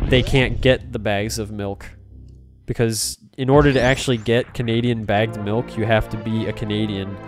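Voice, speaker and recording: A man streaming a retro game, chatting casually, reading out chat messages and spinning silly made-up stories. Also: lowish voice. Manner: rambling, joking, tells tall tales, reads chat aloud. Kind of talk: casual livestream chat while playing. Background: game music.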